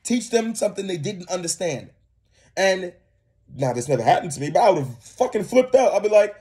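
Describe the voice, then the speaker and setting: A man's voice: sits high, very animated, fairly quick, warm tone. A young man co-hosting a reaction video, ranting in heated, profane casual commentary.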